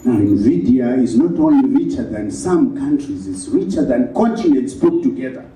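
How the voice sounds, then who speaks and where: A man giving measured, reflective remarks about a book at a launch event. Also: medium pitch, lively intonation, mellow. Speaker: speaker reviewing the book. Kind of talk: prepared public remarks. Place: event hall in Harare. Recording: echoey hall, far from the mic.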